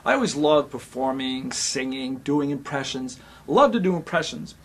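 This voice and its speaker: A middle-aged male actor telling a personal story in a reflective, sometimes soft and quiet way. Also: medium pitch, expressive, moderate pace, a little hiss or hum.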